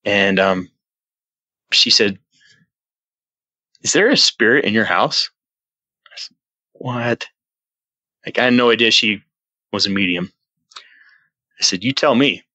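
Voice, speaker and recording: A man telling a personal story as a podcast guest, earnest and rambling, with many restarts, jumping up in pitch when he acts out his own past lines. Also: takes it slowly, pauses often, sharp tone, dry recording, rough recording. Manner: earnest, rambling retelling with frequent restarts and fillers. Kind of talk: casual storytelling in an interview.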